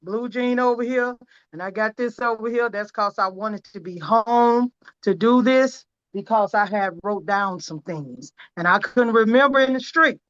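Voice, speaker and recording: A woman's voice: fairly high pitch, unhurried, fairly bright tone. Earnest woman on a lo-fi video call. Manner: earnest, emphatic, close to tears at times. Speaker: product testimonial speaker. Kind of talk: emotional personal testimonial. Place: at home.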